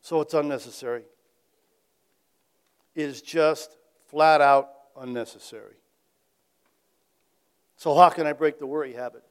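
A man with a high voice preaches to his congregation in an easy, talking manner. He keeps turning to the crowd with rhetorical questions, then lets his voice fall to a soft "isn't it?". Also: steady tone, unhurried, long pauses, clean tone. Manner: conversational, asks the audience rhetorical questions; varies loudness, dropping to quiet tag questions. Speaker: pastor. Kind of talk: sermon.

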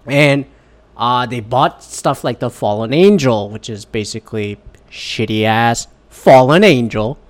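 A man's voice: medium pitch, slow. A man ranting casually and sardonically, swearing often and rambling between thoughts. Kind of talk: casual rant.

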